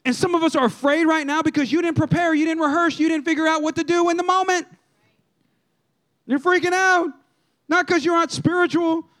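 A man preaching a sermon as pastor, in a lively, conversational style that acts out quotes from people. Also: very high-pitched, fairly quick.

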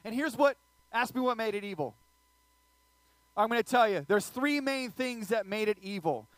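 High-voiced joking male preacher, dry sound. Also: moderate pace, no room sound. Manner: animated, joking, audience asides. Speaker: pastor. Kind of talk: sermon with humorous storytelling.

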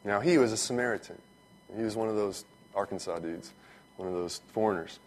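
A man, a pastor, giving a relaxed, conversational sermon that turns animated when he retells stories. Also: fairly low pitch, fairly quick.

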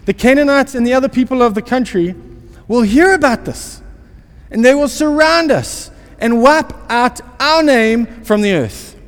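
A man's voice: animated, moderate pace. A man putting on a whining, pleading voice for an anxious grown man crying out to God during a sermon. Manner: whiny, pleading, high-pitched. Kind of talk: sermon with acted scripture. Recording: long hall reverb.

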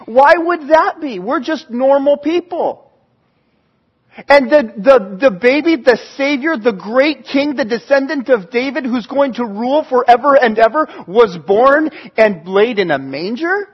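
A man playing astonished, shouting shepherds. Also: very high-pitched, animated, unhurried, husky, highs cut off, full character voice. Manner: loud astonished exclaiming. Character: amazed ordinary shepherd men, excitable.

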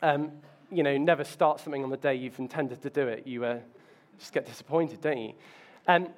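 A man's voice: mid-range voice, fairly quick. A man preaching a sermon, telling self-mocking stories with playful asides. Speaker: pastor.

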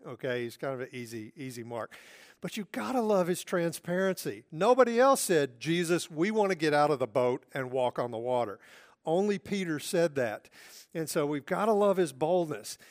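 Earnest pastor preaching, soft hushed asides. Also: male voice, on the high side. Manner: earnest, dropping to a soft hush for emphasis. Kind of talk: sermon.

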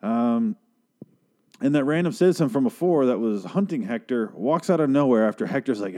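A man's voice: mid-range voice, lively intonation, fairly quick, dark tone. A man casually recapping a TV episode in a rambling, profane, exasperated way. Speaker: show recapper.

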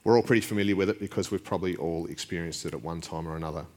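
A man's voice: deep voice, rapid-fire, darkish tone. A male pastor preaching a sermon in a casual, joking way, often chuckling.

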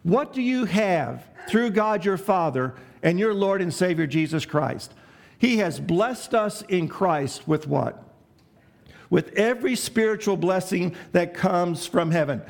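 A man's voice: sits high, expressive, measured pace, creaky. A man preaching a sermon as pastor, asking the congregation questions and letting them answer, with emphatic, varied delivery.

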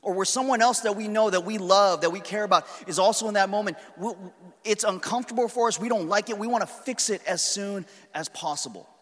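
A man's voice: high voice, brisk, hardly any pauses, a bit bright. A man in his thirties preaching a sermon, telling a story about his daughters in an earnest, conversational way. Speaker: pastor. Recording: reverberant hall.

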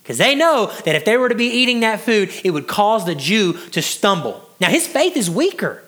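A man's voice: high voice, sing-song, moderate pace, a bit bright. A man preaching a sermon in a conversational way, stumbling over restarts and acting out quotes from ordinary people. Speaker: pastor.

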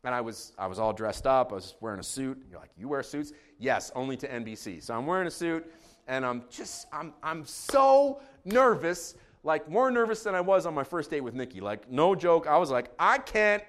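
A middle-aged man preaching a sermon as a pastor, joking and animated, shouting in acted bits. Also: medium pitch, normal speed.

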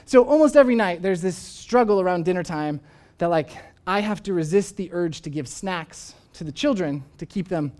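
A man's voice: high-pitched, animated, normal speed, darkish tone. A young man, a pastor, preaching a sermon in a conversational, storytelling way, full of casual asides. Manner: conversational storytelling, uses "like" often.

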